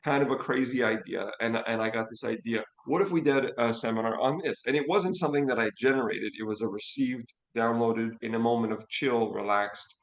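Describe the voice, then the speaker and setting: A man telling stories in easy conversation, lively and eager to act out what he said and felt. His voice sits in a middle range and carries the echo of a roomy space. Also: medium pitch, a little fast, hardly any pauses. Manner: animated storyteller, acts out his own reactions. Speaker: financial educator and co-host. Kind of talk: casual storytelling chat.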